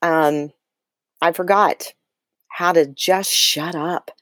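A middle-aged woman, excitable and animated, talking casually as a guest on a faith podcast. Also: lowish voice, slow pace, no room sound, clean studio sound.

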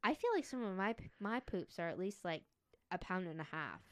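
A woman's voice: fairly low pitch, animated, fairly quick, a bit bright, no echo, studio quality. A young adult woman co-hosting a podcast, chatting casually, joking and cracking up easily. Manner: giggly, jokey, cracks up easily. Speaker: podcast co-host. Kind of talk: casual chat.

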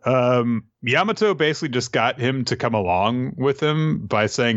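A man co-hosting a podcast, retelling a chapter in a jokey, animated way. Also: mid-range voice, normal speed, few pauses, lo-fi sound. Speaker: podcast co-host recapping a manga chapter. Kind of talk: casual chat.

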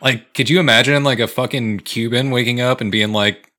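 A man's voice: mid-range voice, steady tone, brisk, bright, forceful tone. A man in his twenties co-hosting a casual podcast chat, laid-back and swearing as he tells stories. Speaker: podcast co-host.

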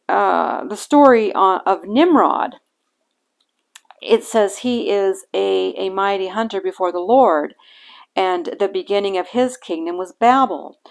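A woman hosting a bible-reading podcast, talking in a halting, earnest way with many fillers and restarts. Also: medium pitch. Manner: earnest and reflective. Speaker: podcast host reading scripture.

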